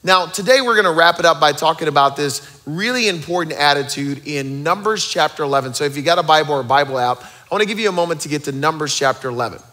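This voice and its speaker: A man in his thirties preaching a sermon as pastor, energetic and rallying the crowd with joking asides. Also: a little high, quick pace, hardly any pauses.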